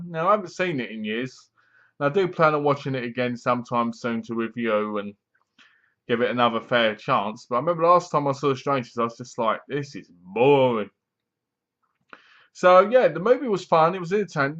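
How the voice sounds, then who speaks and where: A man with a somewhat high, slightly bright voice rambles through a casual film review at home, retelling scenes, acting out lines and bursting into laughter. He sits in a squeaky chair in a room at home, and the recording is dull and lo-fi.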